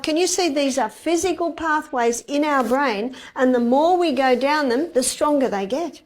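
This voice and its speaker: A woman's voice: high voice, moderate pace, few pauses. A woman giving a health lecture to a live audience, telling a story and asking the audience rhetorical questions. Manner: acts out quoted dialogue.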